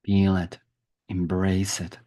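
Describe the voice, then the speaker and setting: A man leading a group spiritual challenge, talking softly and slowly through a guided meditation over a video call. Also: low-pitched, level tone. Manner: soft, slow, soothing with long pauses.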